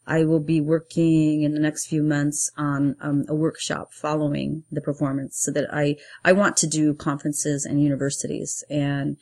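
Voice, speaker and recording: A middle-aged woman, a playwright and performer, telling her own story in an earnest way and getting lively when she acts out what people said. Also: low voice, moderate pace, hardly any pauses. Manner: earnest, animated when acting out quotes. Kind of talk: personal storytelling interview.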